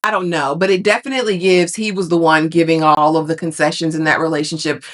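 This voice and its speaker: Woman vlogger, lowish voice, sassy and animated casual recap commentary. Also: fast talker. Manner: sassy, animated, calls listeners honey and baby.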